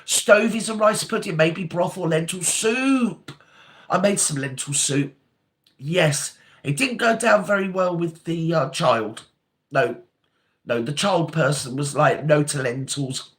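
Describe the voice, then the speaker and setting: A woman's voice: lowish voice, slow pace. An older woman, hosting a casual live chat, reading out viewer comments and calling them darling. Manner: chatty, calls viewers darling and sweetheart.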